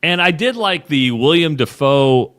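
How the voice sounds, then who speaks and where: A man's voice: a little high, animated, unhurried, a bit bright. A man co-hosting a sports radio show, chatting casually and retelling stories with lots of restarts. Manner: rambling storyteller, retells ads with quoted voices.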